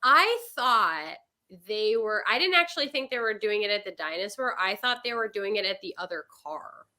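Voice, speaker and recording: A woman guest in a casual movie chat, animated and laughing as she tells her take. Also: medium pitch, moderate pace. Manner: animated, laughs while telling stories.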